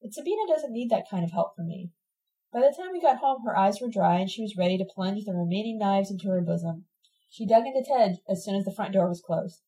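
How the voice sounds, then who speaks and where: A woman reads a novel aloud in the first person, steady and measured. Her voice is mellow and dark. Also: mid-range voice, low-quality recording. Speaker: audiobook narrator.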